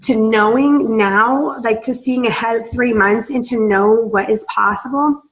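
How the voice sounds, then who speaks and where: A young woman with a fairly high voice speaks unhurriedly over a rough recording with slight background noise. A team leader in a sales business, she is on a video call, gushing emotionally with many fillers and almost in tears.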